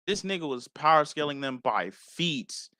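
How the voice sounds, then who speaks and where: A man co-hosting an anime podcast, telling stories with slang and animated voices. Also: fairly high pitch, moderate pace, no room sound. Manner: animated, loud slang-heavy storytelling. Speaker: podcast co-host. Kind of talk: casual chat about anime.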